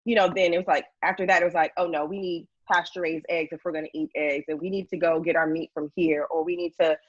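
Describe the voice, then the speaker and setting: A woman with a fairly low voice chats as a podcast guest, rambling and leaning on fillers. Her mic sounds muffled and dull, with a dry, close sound. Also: fairly even intonation, quick pace, dry recording. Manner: rambling, heavy use of like and you know. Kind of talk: casual podcast conversation.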